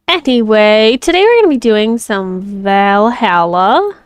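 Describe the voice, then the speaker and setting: A woman's voice: fairly high pitch, animated, unhurried, dry recording. A young woman streamer chatting playfully with her viewers while starting a story game. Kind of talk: casual gameplay chat.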